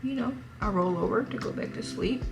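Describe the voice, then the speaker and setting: A woman's voice: mid-range voice, fairly quick, vocal fry. A young woman, chatting and laughing through a dramatic story while doing her makeup. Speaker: vlogger. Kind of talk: get-ready-with-me story time.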